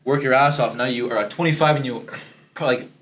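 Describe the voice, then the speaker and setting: A man's voice: mid-range voice, a little fast, a bit bright, a little hiss or hum. A man hosting a podcast, chatting casually with brash, swearing interjections. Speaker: podcast host.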